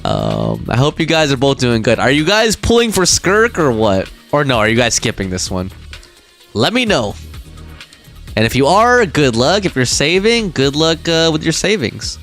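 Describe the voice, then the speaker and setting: A man's voice: fairly high pitch, wildly swooping pitch, moderate pace, gravelly, a bit bright. Playful male game streamer. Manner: playful, laughs often, chats with viewers. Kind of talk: casual live-stream commentary. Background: game music.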